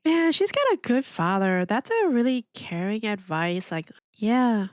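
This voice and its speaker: A woman hosting a reaction video in casual commentary, animated and exclamatory, laughing often and asking lots of questions. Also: mid-range voice, a little slow, no echo, clean studio sound. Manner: asks rhetorical questions.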